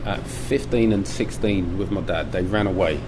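A middle-aged man from England, a butcher shop owner talking in a documentary interview, relaxed and reflective with many ums and restarts. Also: low voice, normal speed. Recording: air conditioning hum behind.

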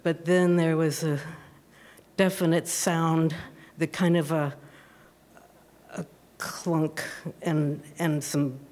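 A woman telling a true personal story at a live storytelling event, animated and often laughing as she talks. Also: low-pitched, slow pace, long pauses.

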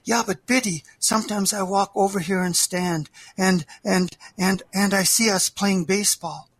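A man's voice: high voice, steady tone, moderate pace, no echo. A man playing a stooped old man who giggles and repeats himself, eager and childlike. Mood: wistful. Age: older.

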